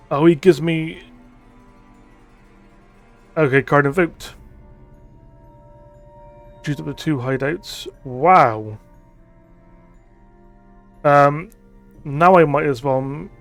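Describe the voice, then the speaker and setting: A man's voice: fairly high pitch, a bit bright. A man giving thinking-aloud commentary as he plays a digital board game, reading card text aloud and musing with frequent ums.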